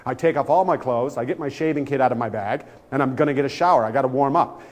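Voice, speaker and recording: A man telling a comic anecdote aloud in an animated way and acting out the voices of the people in his story. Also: mid-range voice, quick pace.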